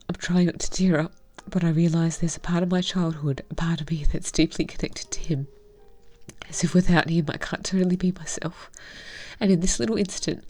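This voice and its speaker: Low-voiced lady reading a visual novel out loud, soft and half whispery, faint music in the back. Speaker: game reviewer.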